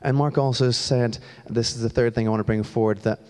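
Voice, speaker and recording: In a church hall with long reverb, a young Scottish staff member preaches while moving around, keeping the sermon chatty and self-deprecating. His mid-range voice has fairly even intonation and a slightly fast pace, sounding a little mellow, clear and resonant.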